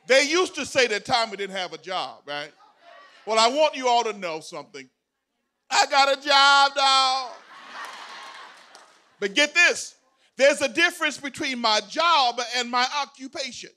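Very high, bright-voiced energetic male host. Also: a little hiss or hum. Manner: loud, energetic, hyping up the audience. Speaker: event host speaking to students. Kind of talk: motivational speech to a crowd. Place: large performing arts center auditorium.

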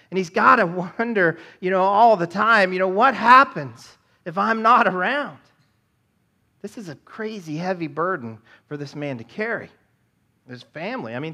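Bright-voiced man preaching a sermon. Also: high voice. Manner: conversational, asks the congregation "right?" often; rhetorical questions to the audience. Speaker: pastor. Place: church.

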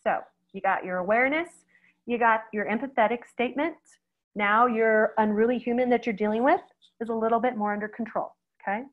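A middle-aged woman, a veterinarian, giving a conversational webinar talk, lively and speaking straight to her audience. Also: on the high side, brisk, narrow, tinny audio. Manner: lively, acts out quoted reactions, addresses audience directly.

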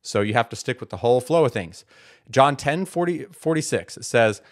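A man's voice: mid-range voice, lively intonation, normal speed. A man giving Bible teaching commentary, emphatic, asking rhetorical questions and answering them himself. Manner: repeats words for stress.

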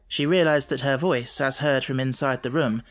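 This is scripted audiobook narration of a classic children's novel, read by a man. He keeps a medium pitch and an even, measured storytelling style.

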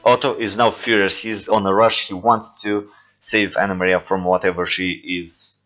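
Low-voiced man rambling over his toy films. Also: little pitch movement, normal speed, a bit bright, faint music behind. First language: not English. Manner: rambling, with frequent fillers and self-corrections. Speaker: toy film creator commenting on his own movies. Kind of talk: casual reaction commentary.

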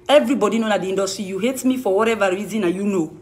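A woman's voice: mid-range voice, rapid-fire, a little mellow. A woman with a Sierra Leonean Krio accent, a music manager answering accusations to camera in an accusing, emphatic, repetitive way. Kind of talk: heated rebuttal to camera.

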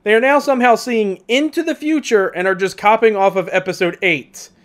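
A man's voice: high voice, a little fast. A man reviewing a movie in casual commentary, with a sarcastic, mocking manner.

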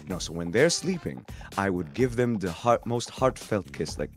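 A man bantering playfully in a casual comedic group chat, animated and often laughing. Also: medium pitch, quick pace, faint music behind.

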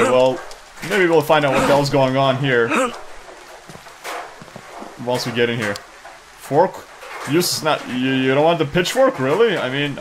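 Sarcastic excitable male gamer. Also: mid-range voice, background noise. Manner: excitable, sarcastic, mocks the game out loud. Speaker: let's play gamer. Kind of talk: horror game commentary.

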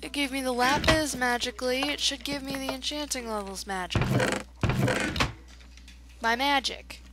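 A woman's voice: high-pitched, moderate pace, very noisy. A woman chatting through a let's play, reacting aloud to the game as she goes. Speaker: gamer.

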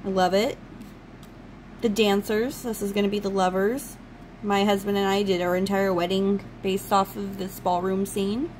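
A woman's voice: medium pitch, level tone, moderate pace, a little mellow, slight background noise, low-quality recording. A woman hosting her channel, chatting casually and enthusiastically while unboxing a card deck. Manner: gushing, enthusiastic fan talk. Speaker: channel host.

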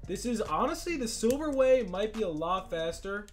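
A young man giving excited gameplay commentary as a channel host, talking straight to his fans and shouting at times. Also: sits high, moderate pace. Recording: faint music bed behind.

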